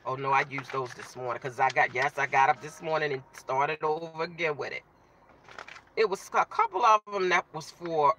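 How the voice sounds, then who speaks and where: A woman's voice: low voice, pushed and bright, a little hiss or hum. A woman hosting a casual live stream, chatting with viewers, greeting them by name and talking while she eats.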